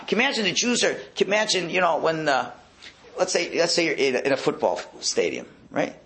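A man's voice: a little high, brisk. A man teaching a religious lecture to an audience, acting out voices and dropping to a whisper. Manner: animated, acts out voices, drops to a whisper. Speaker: rabbi giving a talk.

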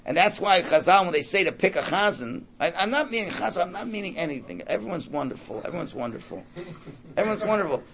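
A man teaches an informal Torah class, his voice pitched high and swinging widely. He talks conversationally, repeating words while thinking aloud and mixing in Hebrew and Yiddish terms. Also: expressive, fast, a bit bright, slight background noise.

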